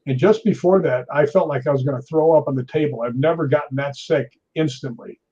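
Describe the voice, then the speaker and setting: A man's voice: a little high, a little fast, slightly rough. A man in his sixties, a guest in an interview, telling stories animatedly and acting out what people said. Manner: animated storyteller acting out quoted voices. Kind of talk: storytelling in an interview. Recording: dull lo-fi audio.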